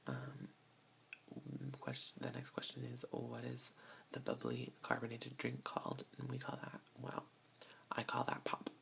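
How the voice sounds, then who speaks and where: An ASMR creator, speaking in a soft whisper with small laughs. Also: medium pitch, vocal fry, a little hiss or hum.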